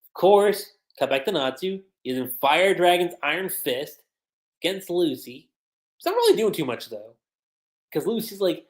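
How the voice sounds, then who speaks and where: A low-pitched woman talks through an anime episode on a livestream, her voice swinging up and down with energy. She keeps it casual and slangy and drops "like" all the time. The sound is roomy and echoey. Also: normal speed. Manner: animated, casual slangy recap with many "like"s. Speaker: anime reviewer. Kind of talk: livestream episode recap and review. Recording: roomy echo.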